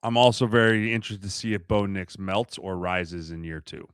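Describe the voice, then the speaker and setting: Animated ex-football player guest. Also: male voice, deep voice, moderate pace, clean tone, no echo, studio quality. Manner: animated, laughing, acts out quotes. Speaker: former pro football lineman, guest. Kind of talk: casual sports chat.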